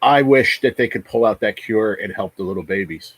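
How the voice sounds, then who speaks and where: Profane, ranting husky man in his forties. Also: lowish voice, a little fast, poor audio. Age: 40s. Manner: repeats words. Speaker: livestream host. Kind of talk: casual livestream chat.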